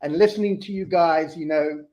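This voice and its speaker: A man appearing as a guest on a podcast, speaking in a relaxed, friendly way with light laughter. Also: on the high side, normal speed. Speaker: podcast guest, company founder. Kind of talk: casual interview chat.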